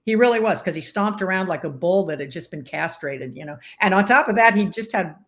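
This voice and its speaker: A woman in her sixties, a podcast guest, telling stories in a lively interview chat and acting out what others said. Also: mid-range voice, brisk. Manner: animated storyteller who acts out quoted voices.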